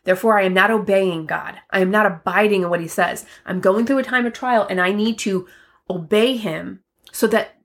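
A woman from the Northeast United States co-hosting a casual faith podcast, talking loudly and emphatically with self-deprecating humor. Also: mid-range voice, normal speed. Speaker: podcast co-host.

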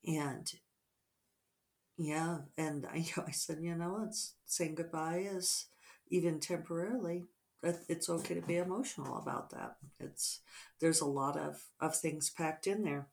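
A middle-aged woman author talking casually over morning coffee, reflective and rambling with soft fillers. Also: low voice, steady tone, unhurried, gravelly.

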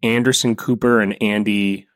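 A young man co-hosting a podcast, telling stories in a casual, animated way and acting out quotes. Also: fairly low pitch, normal speed, dry recording, clean studio sound. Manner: animated storyteller, acts out quotes. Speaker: podcast co-host. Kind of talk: casual chat.

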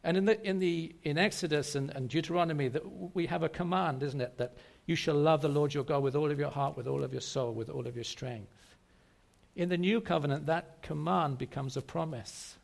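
A man's voice: on the high side, a little fast, creaky. A man preaching a sermon to a congregation, emphatic and repetitive, often asking rhetorical questions. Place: church service.

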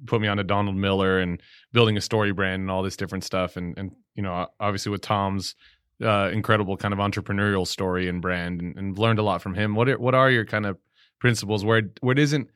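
A man's voice: on the low side, steady tone, fast talker, a bit bright, smooth, no echo, studio quality. A man hosting a podcast who asks long, rambling questions full of "you know". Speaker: podcast host. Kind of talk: conversational interview.

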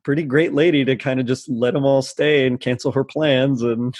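A man chatting casually as a podcast co-host, his pitch sitting in an ordinary middle range. He rambles through his thoughts with plenty of fillers and breaks into laughter often. The tone is relaxed and friendly. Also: normal speed. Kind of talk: casual chat about a holiday special. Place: lives in the U.S. South.

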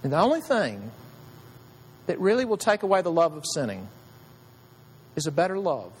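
A man's voice: fairly high pitch, wildly swooping pitch, normal speed, husky. Man preaching in an echoing hall. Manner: conversational preaching with rhetorical questions. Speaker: pastor. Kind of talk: sermon. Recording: long hall reverb.

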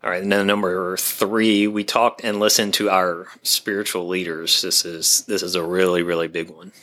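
A man's voice: low voice, level tone, normal speed, sharp tone. A man co-hosting a church podcast, giving short agreeing replies and leading through the numbered points. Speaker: podcast co-host. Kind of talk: podcast discussion.

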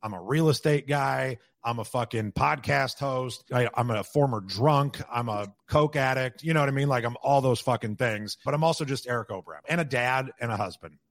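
A man talking as a podcast guest in a candid, quick way, peppered with swearing. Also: mid-range voice, vocal fry, dry recording. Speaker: podcast guest, roofing business owner. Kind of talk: casual interview talk.

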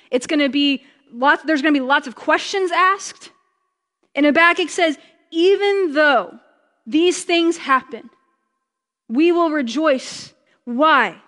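High-voiced woman preaching in a reverberant hall. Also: a bit bright. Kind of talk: conversational sermon.

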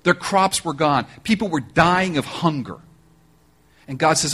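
A man preaching a sermon, telling a story with animated energy, joking asides, and direct appeals to his listeners. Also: fairly high pitch, moderate pace, breathy edge. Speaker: pastor.

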